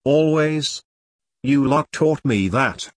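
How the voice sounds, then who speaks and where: A man's voice: mid-range voice, slow, no echo, clean studio sound. Man voicing a fierce, foul-mouthed woman veteran. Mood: defiant. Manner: blunt, defiant, swearing. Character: fierce one-armed woman, ex-soldier activist. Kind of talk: audiobook character reading.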